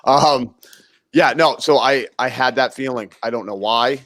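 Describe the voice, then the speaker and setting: A man's voice: mid-range voice, slow, fairly bright tone, no echo, clean studio sound. A man co-hosting a casual podcast chat, easygoing and rambling, often restarting his sentences. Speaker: co-host.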